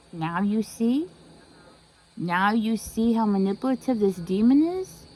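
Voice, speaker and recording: A woman's voice: medium pitch, mellow, slight background noise, low-quality recording. A woman giving a tarot reading, talking emphatically, repeating herself and asking rhetorical questions. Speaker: tarot reader.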